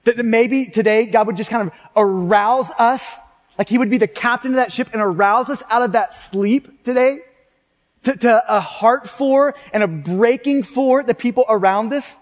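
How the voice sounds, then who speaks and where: High-voiced male preacher with hall reverb. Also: normal speed. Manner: conversational, frequent tag questions and restarts. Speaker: pastor. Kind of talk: sermon.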